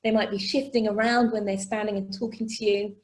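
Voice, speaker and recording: A woman presenting an online workshop over a video call, chatty and animated, often checking in with "okay?" and "right?". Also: medium pitch, fairly quick. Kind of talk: live online workshop teaching.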